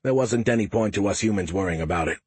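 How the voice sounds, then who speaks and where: A man narrating a first-person audiobook in a steady, wry, matter-of-fact way. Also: on the low side, fast talker, slightly rough, no room sound.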